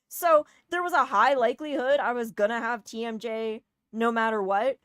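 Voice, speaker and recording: A woman's voice: a little high, expressive, normal speed, fairly bright tone, no echo, clean studio sound. Exasperated woman telling a story. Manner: exasperated, profane, emphatic. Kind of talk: casual storytime rant.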